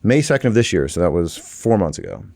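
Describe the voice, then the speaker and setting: A man guest on a podcast, telling business stories in a casual, energetic, informal way with lots of fillers. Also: sits low, creaky, no room sound. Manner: energetic, informal, fast-flowing with many "like" fillers. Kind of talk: casual conversational storytelling.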